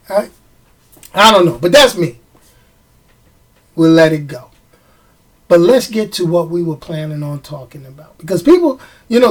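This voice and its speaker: A man with a New York accent giving casual, opinionated movie-review commentary, animated and fond of repeating phrases and asking rhetorical questions. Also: high voice.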